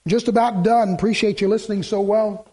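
A male pastor with a high-pitched voice delivers a sermon. He reads scripture aloud and builds to emphatic, repeated phrases. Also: steady tone, fairly quick, warm tone. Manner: preaching with rising emphatic repetition.

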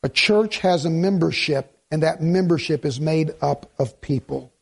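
High-voiced man preaching conversationally. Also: normal speed, vocal fry, husky. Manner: conversational preaching with rhetorical questions and jokes. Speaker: pastor. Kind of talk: sermon.

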